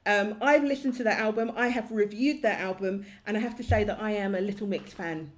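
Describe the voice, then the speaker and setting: Brief: woman co-host reviewing pop music, mid-pitched voice, eager and full of opinions. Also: brisk. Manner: enthusiastic, opinionated, chatty. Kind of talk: casual chat.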